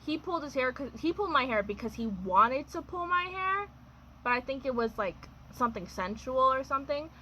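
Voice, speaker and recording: A woman's voice: high-pitched, expressive, brisk, pushed and bright, a little hiss or hum, poor audio. A young adult woman telling a personal storytime in a chatty, wry way, full of fillers and laughs. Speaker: vlogger. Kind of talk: casual storytime.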